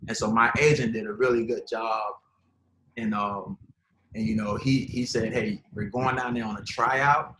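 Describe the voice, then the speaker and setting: A man speaks on a video call in a bright, forceful voice, informal and emphatic, repeating himself as he drives each point home. The room gives his voice a roomy echo, and faint noise sits underneath. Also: mid-range voice, steady tone, normal speed. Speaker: former pro football player and college coach speaking to high school athletes. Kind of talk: casual motivational storytelling.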